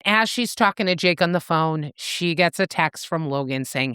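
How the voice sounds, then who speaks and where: A woman co-hosting a book podcast, recapping the plot in an animated, casual way and swearing freely. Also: deep voice, normal speed, smooth, no room sound, clean studio sound. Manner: animated storyteller, swears freely, acts out quotes. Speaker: podcast co-host recapping a novel. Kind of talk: casual book-club chat.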